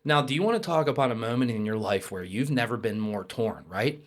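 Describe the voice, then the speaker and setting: A young adult man telling a personal story as a podcast guest, lively and casual, with swearing. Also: mid-range voice, brisk. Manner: animated, swears, acts out quoted voices.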